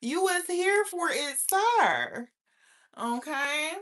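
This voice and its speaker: A woman hosting a casual livestream, animated and profane, preaching and answering chat comments. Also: sits high, very slow. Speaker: livestream host.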